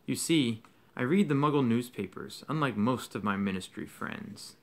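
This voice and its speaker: A man reading aloud, voicing a calm, wise old male headmaster in a soft, slow, measured way. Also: medium pitch, close to an everyday voice. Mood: grave.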